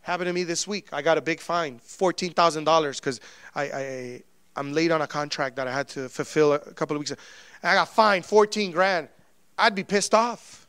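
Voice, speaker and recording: A man preaching a sermon in a conversational way, with sudden swings between loud and soft. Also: on the high side, fairly even intonation, fairly quick, clear, resonant tone, dry recording. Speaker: pastor.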